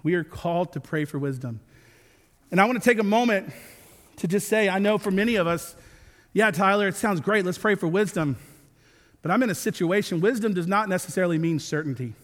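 A man's voice: sits high, lively intonation, a little fast. A man in his thirties preaching a sermon as a pastor, earnest with joking asides. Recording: long reverb of a large hall.

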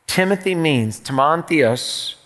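A man preaches a sermon, driving each point home with a run of rhetorical questions. His voice sits a little high and carries a long reverb from a large hall. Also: lively intonation, slow, a bit bright. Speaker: pastor.

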